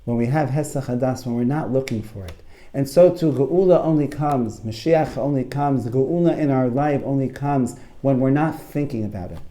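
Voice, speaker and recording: A man gives a Torah talk to a live audience as a coach, in a lively storytelling manner. He often restarts and repeats his phrases. His voice is mellow and mid-pitched. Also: moderate pace.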